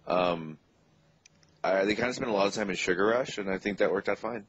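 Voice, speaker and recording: A man's voice: on the low side, a little fast, fairly bright tone, a little hiss or hum. A man giving his enthusiastic, chatty take on a film as a podcast co-host, on muffled lo-fi audio. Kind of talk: casual film review chat.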